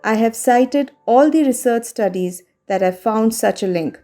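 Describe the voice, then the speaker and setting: Woman voice-over narrator, calm measured storytelling, warm mellow tone, soft background music. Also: fairly high pitch. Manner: measured, calm, careful delivery. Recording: faint music behind the voice.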